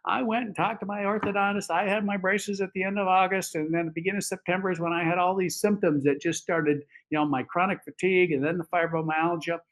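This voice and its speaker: A man putting on an excitable female patient. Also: fairly high pitch, brisk, hardly any pauses, voice pushed up, low-quality recording. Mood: excited. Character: chatty female patient, middle-aged, excitable.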